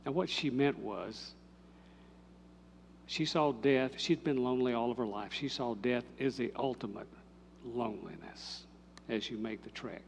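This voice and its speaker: An older man, a pastor telling a story in a sermon, moving from lively telling to hushed, intimate speech. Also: mid-range voice, unhurried, creaky, slight background noise.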